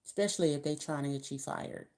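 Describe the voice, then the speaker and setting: A woman's voice: low-pitched, fast, a little mellow. A woman giving a casual tarot reading to camera, talking in a chatty, colloquial, rambling way. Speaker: tarot reader.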